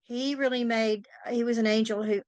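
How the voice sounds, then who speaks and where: A woman with a somewhat high voice chats casually as a psychic host and tells stories about her readings. She is a chatty storyteller who acts out the people she quotes. The sound is dry and close, with no room echo. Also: fairly even intonation, normal speed, a little mellow, clean tone. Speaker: psychic and tarot teacher, podcast host. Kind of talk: casual interview chat.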